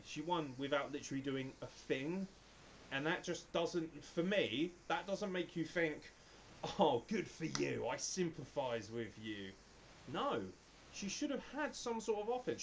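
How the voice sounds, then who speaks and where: A man's voice: a little high, slight background noise, poor audio. A young man co-hosting a wrestling review, opinionated and swearing freely in casual chat. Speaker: wrestling podcast co-host.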